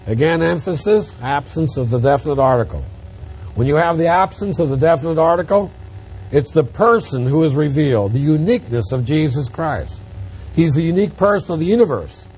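A man preaching an expository Bible lesson, emphatic, rising on stressed words and dropping quiet on asides. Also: on the high side, lively intonation, a little fast, slightly rough, dull audio. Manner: emphatic, swings from loud stresses to quiet drops.

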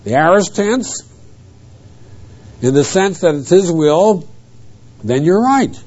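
Emphatic preacher on a muffled old tape. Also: male voice, sits high, sing-song, slow, a little mellow, husky. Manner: emphatic, parsing Greek grammar word by word. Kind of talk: expository Bible teaching sermon.

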